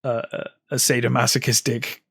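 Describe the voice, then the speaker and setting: A podcast co-host on a film show casually retells scenes, acting out quotes and using lots of fillers. His medium-pitched voice is flat, a bit bright and husky, with vocal fry, at a moderate pace. The clean studio sound has no room echo.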